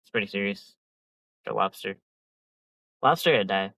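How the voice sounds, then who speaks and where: A man's voice: fairly low pitch, moderate pace, creaky, bright, forceful tone, no room sound, poor audio. Slangy, rambling young man. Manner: rambling, slangy and profane, lots of filler. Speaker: podcast host. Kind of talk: casual chat.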